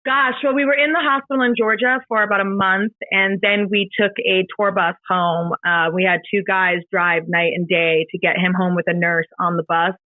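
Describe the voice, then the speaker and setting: A woman's voice: mid-range voice, steady tone, no echo. Woman telling a hard story, tinny dry sound. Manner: halting, emotional retelling with many fillers and restarts. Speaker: podcast guest. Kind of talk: personal storytelling in an interview.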